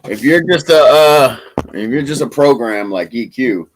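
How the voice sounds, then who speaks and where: A man's voice: mid-range voice, expressive, a little slow, a little hiss or hum, poor audio. A man co-hosting a live stream, joking and teasing in casual chat. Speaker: stream co-host.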